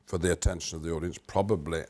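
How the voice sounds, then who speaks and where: Here is a low-voiced older man from Britain, an actor talking fast in an interview. As he explains, his delivery swings energetically between loud and quiet, carried on humming rhythms.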